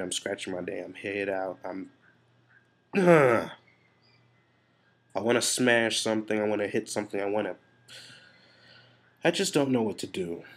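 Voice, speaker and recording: A man talking to camera in a frank, rambling confessional vlog, stressed and frustrated, swearing freely as he talks things through. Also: fairly low pitch. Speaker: vlogger.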